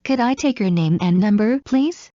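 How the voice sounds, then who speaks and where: A woman reading common English phrases aloud one by one in a clear, measured way, as in a language lesson. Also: mid-range voice, animated, dark tone, dry recording. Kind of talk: slow read-aloud phrase drills. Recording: dull lo-fi recording.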